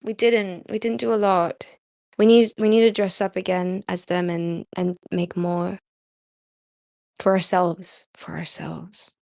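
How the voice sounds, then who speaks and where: A woman hosting a casual live chat, soft-spoken, giggly and rambling. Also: mid-range voice, fairly even intonation, normal speed, no room sound, studio quality. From Australia. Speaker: host.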